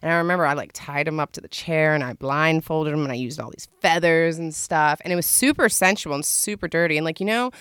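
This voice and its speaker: A woman's voice: sits low, quick pace, few pauses, fairly bright tone, clean tone, no echo, studio quality. A woman hosting her own show, talking frankly and casually with lots of fillers and laughs. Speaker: host. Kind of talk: casual candid advice monologue.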